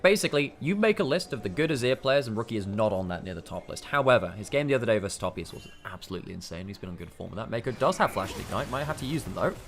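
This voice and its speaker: An English man commentating a live esports match, breaking down plays with quick analysis and dry humour. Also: on the low side, expressive, soft background music. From England.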